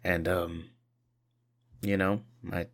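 A man's voice: low-pitched, little pitch movement, very slow. A tired man rambling profanely through a casual video monologue, short on sleep. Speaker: vlogger.

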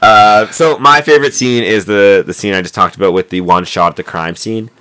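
A man's voice: on the low side, brisk, pushed and bright. A man co-hosting a podcast, chatting casually about a movie, rambling with lots of fillers and restarts. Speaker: podcast co-host. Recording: noisy amateur mic recording.

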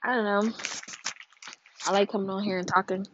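A young woman from California hosting a casual gossip podcast on her own, rambling and cursing freely while high and sleepy, her voice swinging between loud bursts and low mumbles. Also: steady tone, fairly quick, slight background noise. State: high and drowsy. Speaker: podcast host. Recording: dull dry lo-fi sound.

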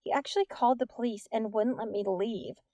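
Lady reading as a worried teen girl, urgent and shaky, a bit gravelly. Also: on the high side, a little fast, dark tone, dry recording, muffled recording, natural voice. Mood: anxious. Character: anxious secretive teenage girl.

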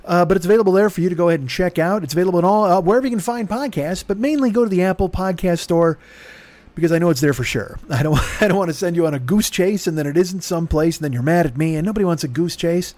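A man's voice: high-pitched, quick pace, darkish tone. A man hosting a comedy podcast, talking into a microphone and rambling through a profane, self-mocking plug. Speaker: podcast host. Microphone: studio microphone.

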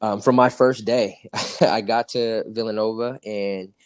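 A man's voice: fairly low pitch, fairly even intonation, unhurried, darkish tone. A young man from California telling his story as a podcast guest, acting out the dialogue and laughing often. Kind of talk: casual storytelling.

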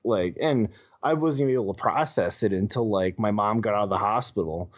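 A man telling a personal story as a podcast guest, halting with many restarts and casual swearing. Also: on the low side. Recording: dull lo-fi audio.

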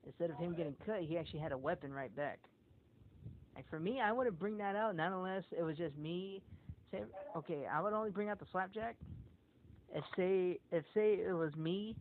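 A man in casual podcast chat, telling rambling, profane stories and acting out what people said. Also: fairly high pitch. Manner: profane, rambling storyteller who acts out quotes. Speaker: podcast co-host. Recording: tinny phone-like audio with faint noise.

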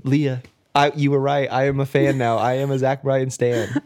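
A man chatting casually with a friend, animated and quick to laugh, acting out what other people said. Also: medium pitch. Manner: animated, laughs often, acts out quoted people. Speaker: friend catching up; restaurant server. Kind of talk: casual chat.

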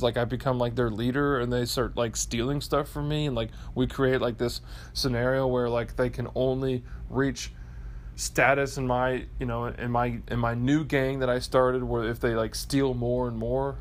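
A man's voice: mid-range voice, a little hiss or hum. Rambling, nervous man. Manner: rambling, filler-heavy, anxious and playful. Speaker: podcast co-host leaving a voicemail. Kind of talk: rambling voicemail monologue.

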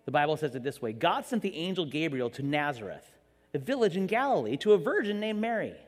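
Speaking quickly in a large hall, this male pastor delivers a church sermon full of jokes, animatedly acting out the quotes as he tells the story. His pitch sits a little high.

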